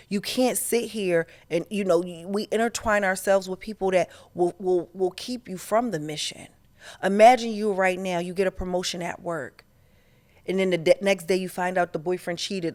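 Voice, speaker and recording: A woman hosting a podcast, talking in a candid, animated way, with slang and profanity, in a casual spiritual monologue. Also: mid-range voice, normal speed. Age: adult, past her teens. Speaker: podcast host.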